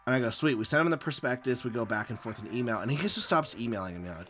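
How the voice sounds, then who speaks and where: A man's voice: mid-range voice, animated, quick pace, few pauses, a bit bright, soft background music. A man hosting a casual live stream while he draws, rambling and swearing with many fillers and acting out his own quoted lines as he tells a story. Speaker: live-stream host and comic artist.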